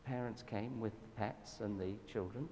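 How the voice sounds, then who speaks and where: A man with a Southern English accent giving a church talk, telling anecdotes in a lively, self-deprecating way. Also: fairly low pitch, moderate pace. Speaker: guest speaker at a church event. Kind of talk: storytelling sermon talk. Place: church hall. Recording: reverberant hall with faint background noise.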